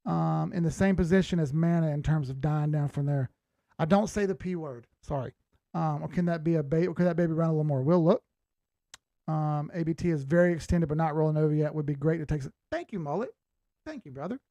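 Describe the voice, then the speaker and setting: Gravelly blunt crypto streamer man. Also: on the high side, a little mellow, no room sound. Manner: blunt, swears freely, laughs often. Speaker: crypto chart analyst hosting a live stream. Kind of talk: casual live-stream chat reading viewer comments.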